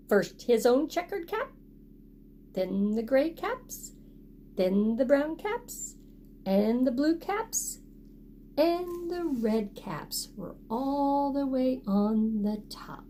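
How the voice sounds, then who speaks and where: A woman reading a picture book aloud to children, pausing often to ask them to join in with actions. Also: high-pitched, expressive, mellow, a little hiss or hum. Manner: interactive, prompting children to act along. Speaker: storytime reader for children.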